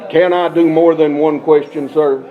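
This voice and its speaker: A man's voice: on the high side, steady tone, moderate pace, narrow, tinny audio. A man being interviewed as a wrestler, talking in a brash, hyped wrestling-promo style.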